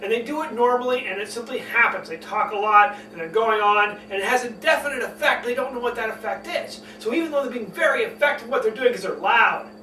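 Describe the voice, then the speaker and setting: A man teaching public speaking, talking emphatically and deliberately swinging between loud and soft, fast and slow. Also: extremely high pitch. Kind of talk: spoken lesson on public speaking. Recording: echoey room, mic at a distance, faint hum.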